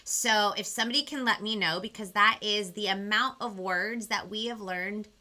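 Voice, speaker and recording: A woman's voice: medium pitch, normal speed, bright, forceful tone. Young woman host, sing-songy and chirpy, talks right to the kids watching. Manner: bubbly, sing-song, talks straight to viewers. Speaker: children's show host. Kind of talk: bilingual live-stream lesson.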